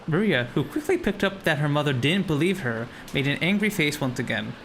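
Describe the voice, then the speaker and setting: A man streamer reading a visual novel aloud in an even, measured voice. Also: fairly high pitch, a little hiss or hum. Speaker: streamer and narrator.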